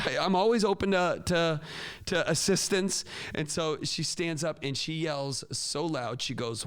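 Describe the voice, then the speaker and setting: A man hosting a casual advice talk for teachers, lively and animated, acting out classroom call-outs with big jumps in pitch. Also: clean tone. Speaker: podcast host and teacher educator.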